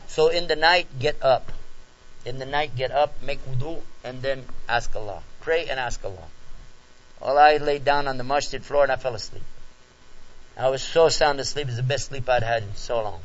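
A man speaking at a talk, telling a personal story in an animated way and acting out the scenes. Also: medium pitch, normal speed. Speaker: lecturer answering questions. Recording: dull lo-fi recording.

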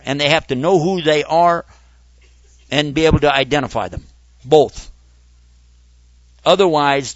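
A man lectures a gathered audience in an animated way, firing off rhetorical questions. His voice sits high and sounds bright. The recording is dry with no room echo. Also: muffled recording. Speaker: Islamic lecturer. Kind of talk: public talk to an audience.

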